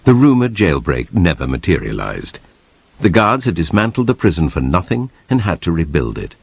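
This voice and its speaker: A man narrating a documentary in a measured, grave, scripted delivery. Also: low-pitched, very animated, gravelly, husky, dry recording.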